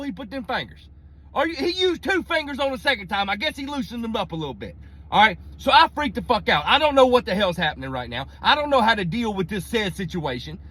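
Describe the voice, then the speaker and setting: A young man from Mississippi with a Southern accent, telling a profane, animated comedy story in Southern slang. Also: high voice.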